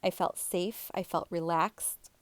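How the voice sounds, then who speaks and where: Woman with a low voice, chatty storytelling. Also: steady tone, slow pace, no room sound. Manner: chatty, rambling, with fillers and restarts. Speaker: spiritual vlogger. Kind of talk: casual storytelling to viewers.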